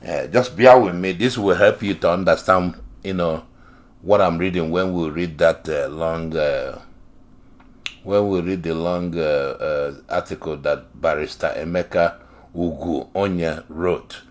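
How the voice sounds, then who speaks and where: Man, deep voice, slow, emphatic and sarcastic, reading and commenting.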